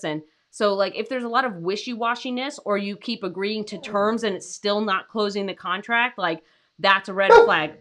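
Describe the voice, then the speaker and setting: A bright, forceful young woman talks freelance writers through negotiating on a livestream. She is chatty and loose, dropping fillers and tagging her points with rhetorical questions. She slips into quick acted-out bits of client dialogue as she goes. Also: mid-range voice. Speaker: freelance writing coach. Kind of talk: livestream teaching.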